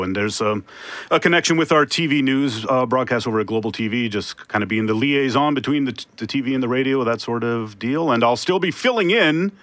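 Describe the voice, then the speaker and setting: Bright-sounding guy chatting easy on the radio, self-deprecating, studio mic, dry. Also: mid-range voice, no room sound. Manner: laid-back, self-deprecating, chuckling. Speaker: radio news anchor. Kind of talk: casual on-air chat.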